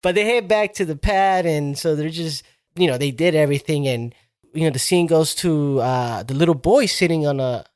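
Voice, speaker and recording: This man's voice is a little high, clear and resonant, at normal speed. Co-hosting a podcast, he retells horror movie scenes in loose, profane slang, rambling along and acting out characters' lines in a raised voice.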